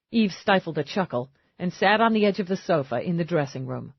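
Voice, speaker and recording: A woman reading an audiobook novel aloud in a measured, expressive narration style. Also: fairly low pitch, creaky, slightly rough, dry recording, lo-fi sound. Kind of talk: scripted narration.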